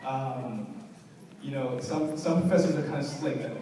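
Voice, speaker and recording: A young man performing conversational, self-deprecating stand-up comedy with halting fillers at a live show. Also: mid-range voice, warm tone, slight background noise. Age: young adult. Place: large hall, live show. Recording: echoey hall from far off.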